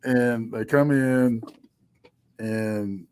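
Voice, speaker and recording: A man in casual chat, telling his own story slowly and deliberately. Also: medium pitch, a little mellow, slight background noise.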